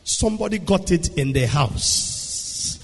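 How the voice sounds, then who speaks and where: A man preaching a sermon, swinging between hushed storytelling and shouted declarations. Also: a little high, lively intonation, slow, husky. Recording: long echo of a large hall.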